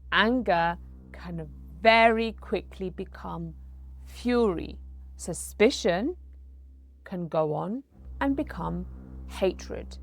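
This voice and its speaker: A woman's voice: fairly low pitch, lively intonation, extremely slow, long pauses, faint music behind. A woman in her thirties, a doctor hosting an educational talk, explaining in a conversational way with personal anecdotes. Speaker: doctor and host.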